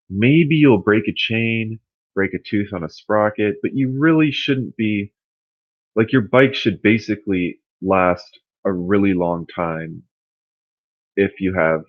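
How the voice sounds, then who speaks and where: A man hosting a casual livestream, rambling and thinking out loud as he answers his chat. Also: lowish voice, no room sound, highs cut off. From California.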